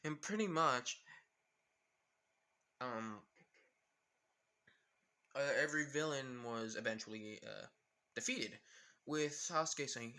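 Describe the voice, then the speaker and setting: A man's voice: mid-range voice, takes it slowly, long pauses, bright, forceful tone. A man casually narrating a fan-made crossover story, rambling with many fillers.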